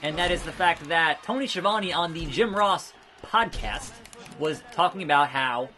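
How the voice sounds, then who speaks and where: A man's voice: a little high, moderate pace, sharp tone. A man giving chatty, rambling let's play commentary, blurting out move names as he plays a wrestling game. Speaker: gaming video creator.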